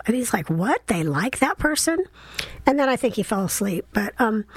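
A woman's voice: mid-range voice, dry recording. A middle-aged woman hosting a casual solo show, chatting in a rambling way with many fillers and asides. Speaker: podcast host.

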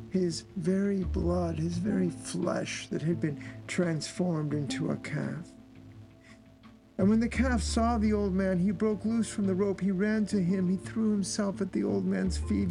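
A man's voice: high voice, creaky, low-quality recording. A man telling a long folk tale aloud, repeating phrases for emphasis as he goes. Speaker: storyteller. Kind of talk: oral storytelling. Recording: instrumental music playing behind.

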